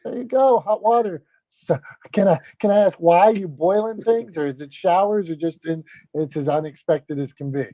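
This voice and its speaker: A man's voice: high voice, no echo. A man co-hosting a casual group chat, upbeat and playful, keeping things moving. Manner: upbeat, playful, quick to move on. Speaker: co-host. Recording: dry, slightly dull sound.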